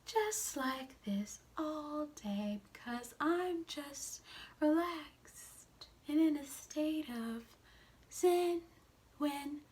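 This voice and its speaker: A woman putting on a slow, flat, hushed voice to mimic an overly calm woman in a meditative state. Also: sits high, pitched above the performer's own voice, exaggerated voice. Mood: mocking.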